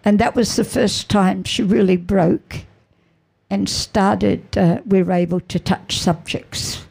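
Slow, gravelly-voiced middle-aged woman. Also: medium pitch, steady tone, darkish tone. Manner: halting, repeats phrases, earnest. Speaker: mother giving a faith testimony. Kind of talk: emotional personal testimony.

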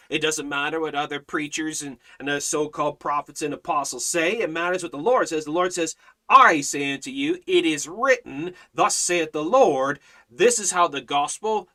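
A man teaches a Bible study in an emphatic preaching voice that sits a bit high for a man and rings bright and forceful. He hammers points home with repetition and rhetorical questions, and he slows down to read scripture aloud in old-fashioned wording. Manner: reads scripture aloud in King James wording. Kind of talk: livestreamed Bible study sermon.

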